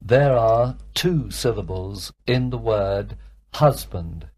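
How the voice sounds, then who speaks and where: A man giving measured full-sentence answers in a scripted English drill. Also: lowish voice, lively intonation, a little mellow.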